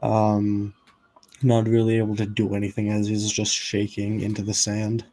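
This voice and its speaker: A man playing a tabletop game, slowly and hesitantly describing what his character does. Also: fairly low pitch, completely flat delivery, warm tone, dry recording, low-quality recording. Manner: slow, hesitant, describes actions in third person. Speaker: player.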